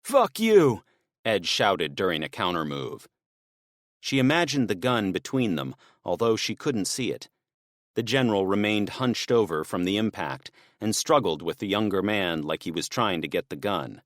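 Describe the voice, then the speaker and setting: A low-voiced man delivers scripted audiobook narration in an even, measured way. The recording has studio quality and no echo.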